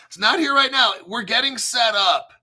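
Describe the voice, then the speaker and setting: A man's voice: very high voice, normal speed, bright, forceful tone, breathy edge. An American man hosting a crypto livestream, reading the chat and articles in a hyped, brash, rambling way with some swearing. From United States. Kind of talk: excited livestream commentary.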